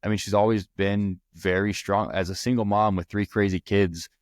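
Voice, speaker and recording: A man's voice: lowish voice, steady tone, moderate pace, no room sound, studio quality. A young man hosting a podcast, earnestly telling personal stories in a rambling way with restarts. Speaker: podcast host. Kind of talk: personal storytelling.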